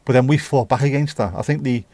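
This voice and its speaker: He's a fast-talking British man with a dark, mid-range voice, recorded with no room sound. Hosting a casual livestream, he reads out viewer comments and riffs on them in an opinionated, mildly profane way.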